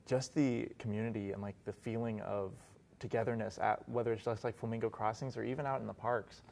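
A man's voice: fairly low pitch, brisk, vocal fry. A man in his twenties from Arizona, chatting casually in a podcast studio interview with lots of fillers. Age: 20s. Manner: relaxed, many fillers and "like". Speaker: guest, resort concierge.

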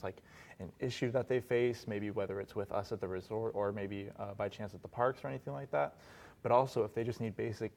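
A man's voice: lowish voice, gravelly. A man in his twenties from Arizona, chatting casually in a podcast studio interview with lots of fillers. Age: 20s. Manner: relaxed, many fillers and "like". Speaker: guest, resort concierge.

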